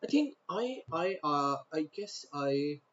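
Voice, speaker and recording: A man's voice: a little high, sing-song, slow pace, a bit bright. Rambling man from North India, lo-fi. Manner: rambling, with repeated phrases and stop-start sentences. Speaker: vlogger. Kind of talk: rambling to-camera monologue.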